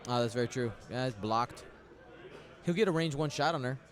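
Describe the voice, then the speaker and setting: A man's voice: mid-range voice, fairly quick. A man commentating a tabletop game match live, chatty and thinking aloud, often repeating himself.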